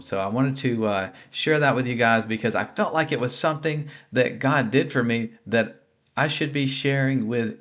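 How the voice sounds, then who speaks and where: A man's voice: mid-range voice, highs cut off. A man sharing a personal faith testimony of healing, speaking earnestly and conversationally with fillers and restarts.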